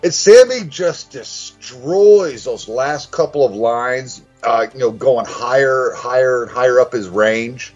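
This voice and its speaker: A man's voice: medium pitch, slow pace, hardly any pauses, a little mellow, highs cut off, soft background music. A man earnestly defending a band's ballad in casual podcast chat, hesitating with fillers. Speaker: podcast co-host. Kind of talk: casual music review chat.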